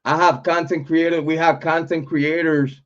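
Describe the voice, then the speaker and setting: A man's voice: on the high side, level tone, moderate pace, a bit bright, lo-fi sound. A man in his forties hosting a livestream, casually joking and ranting with a lot of profanity, sounding a little congested. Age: 40s. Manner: boastful, joking, profane rant. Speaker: livestream host.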